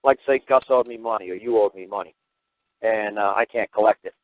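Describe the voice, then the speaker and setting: A man hosting a call-in show, telling stories in a blunt, profane, rapid way. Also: fairly low pitch, no echo. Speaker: host. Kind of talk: casual storytelling on a call-in show. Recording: tinny phone-line audio.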